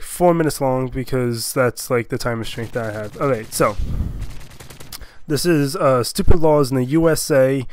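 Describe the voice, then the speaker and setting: Young guy, a little under the weather, doing casual rambling comedic commentary at a medium pitch. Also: slight background noise. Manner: rambling and jokey, with many fillers and silly voices. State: sick. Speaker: online video commentator. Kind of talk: casual commentary reading out odd laws.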